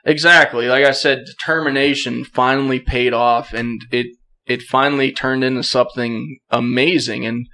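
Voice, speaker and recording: A young man on a podcast telling a story casually, acting out quotes with bursts of excitement and frequent laughs. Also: medium pitch, moderate pace. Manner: animated, acts out quotes, laughs often. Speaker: podcast guest.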